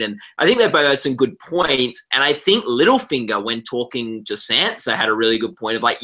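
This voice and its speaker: A man talks through a TV episode on a casual panel. His voice is bright and forceful, and he stays animated. He restarts his sentences often and sprinkles in "like". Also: medium pitch. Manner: animated, retells scenes with lots of "like" and quick restarts. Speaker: entertainment writer on a recap panel.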